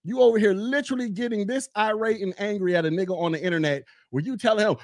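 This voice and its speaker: A man doing a casual commentary podcast from his desk at home, blunt and mocking with loud bursts. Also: high voice, fast talker, few pauses, no room sound, clean studio sound.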